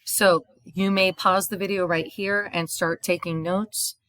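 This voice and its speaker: A woman's voice: fairly low pitch, fairly even intonation, a little slow, a bit bright, no echo, studio quality. A woman teaching a recorded video lesson in a patient, explanatory way, reading short example dialogues aloud and translating them. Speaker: Spanish teacher.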